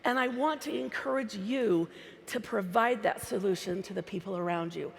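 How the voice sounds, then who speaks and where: A woman's voice: mid-range voice, normal speed, vocal fry. A woman giving a chatty, playful live talk from a stage microphone to a large convention crowd. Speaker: convention speaker. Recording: live hall sound with reverb.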